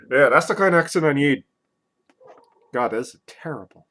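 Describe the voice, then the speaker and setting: A drunk man rambling loosely through a casual liquor review vlog, swinging between loud and soft. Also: medium pitch, animated, brisk.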